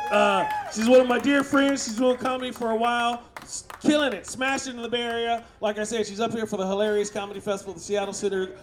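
A man's voice: extremely high pitch, expressive, fairly quick, crowd noise, noisy background. A man emceeing a comedy show, loosely hyping up the next act. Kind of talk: introducing a comedian.

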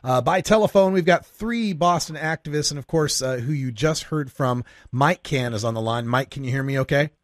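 A man's voice: medium pitch, moderate pace, few pauses, dry recording, studio quality. A man hosting a talk radio show, speaking in a conversational, somber way with fillers.

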